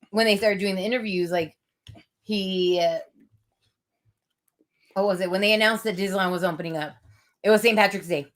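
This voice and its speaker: Woman co-host, casual chat, chatty storyteller, giggly, lots of fillers. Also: medium pitch.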